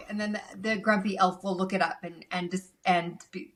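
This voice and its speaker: Woman on a podcast gushing about old cartoons, mid pitch, chatty and excited. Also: fairly quick. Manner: animated, gushing storyteller. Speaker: podcast guest. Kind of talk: casual podcast chat.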